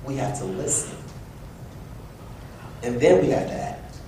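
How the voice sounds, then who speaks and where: Give me an animated young male speaker with a faint low rumble behind him in a roomy hall. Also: unhurried. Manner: animated, acts out quoted voices. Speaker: event speaker. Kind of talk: personal storytelling speech. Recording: echoey room from far off with low rumble.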